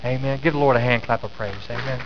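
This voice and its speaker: A man's voice: medium pitch, steady tone, fast, noisy background. A middle-aged man preaching a sermon as pastor, telling a story with many restarts and fillers in a church sanctuary. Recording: echoey sanctuary, slightly dull sound.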